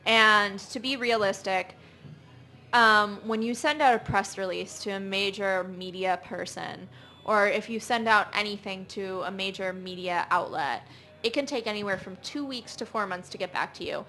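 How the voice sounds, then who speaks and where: Bright-voiced woman giving earnest advice. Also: medium pitch, normal speed. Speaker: podcast co-host. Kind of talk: casual panel chat.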